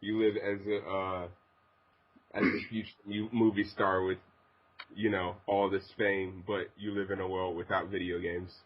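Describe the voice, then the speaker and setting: A man on a gaming podcast panel who talks slowly and haltingly and laughs often. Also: deep voice, level tone, dull audio, slight background noise. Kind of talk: casual group chat.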